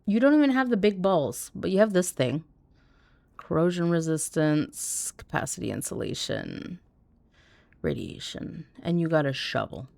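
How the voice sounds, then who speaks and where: A woman's voice: fairly low pitch, lively intonation, measured pace, gravelly, darkish tone, no echo. A woman streaming a game live, chatting candidly and jokingly with her viewers as she plays. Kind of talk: casual chat while playing live.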